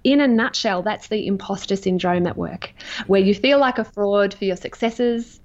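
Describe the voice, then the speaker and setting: Woman guest coach, mid-pitched, earnest and emphatic, muffled lo-fi sound. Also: normal speed. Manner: earnest, emphatic, warmly enthusiastic. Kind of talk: interview answers. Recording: dull lo-fi audio.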